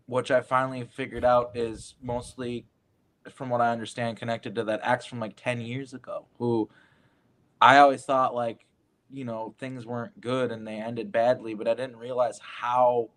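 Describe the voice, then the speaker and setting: A man's voice: medium pitch, a bit bright. A man talks in a loose, rambling way as a round-table guest. He is earnest and fills his speech with many fillers. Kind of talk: casual round-table chat.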